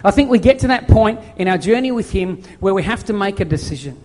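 A high-pitched man delivers a storytelling sermon with animated, self-deprecating energy. His voice carries a long reverb from a large hall. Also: quick pace. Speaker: preacher.

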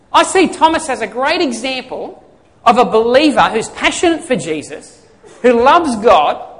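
A man's voice: very high-pitched, a bit bright. A male pastor preaching a sermon in a conversational way, asking the congregation questions and answering them himself. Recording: long hall reverb.

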